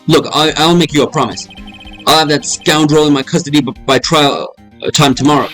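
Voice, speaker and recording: A man voicing a gruff, loyal police detective who keeps calling people pal. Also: on the high side, steady tone, a little fast, a bit bright, soft background music, close to an everyday voice. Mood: gung-ho. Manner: blustery, calls people pal.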